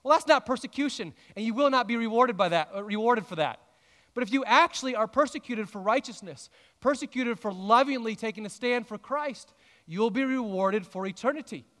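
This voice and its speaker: A man preaching a sermon as pastor, earnest, with emphatic rises and drawn-out pauses. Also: extremely high pitch, sharp tone. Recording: long hall reverb.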